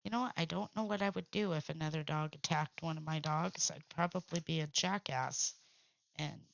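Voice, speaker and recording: On a crafting channel, a woman with a low, gravelly voice talks at a normal speed in a dry, dull lo-fi recording. Her casual craft livestream chat is blunt and salty, with frequent laughter.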